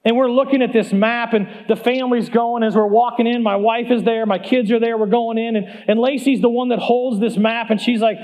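High-voiced, animated preacher man. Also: fairly quick, hardly any pauses. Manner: animated, comic, laughs at himself. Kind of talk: storytelling sermon.

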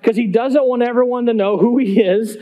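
High-voiced man preaching a sermon. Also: steady tone, fairly quick, dark tone. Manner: emphatic, conversational preaching with rhetorical questions. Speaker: pastor. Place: church sanctuary.

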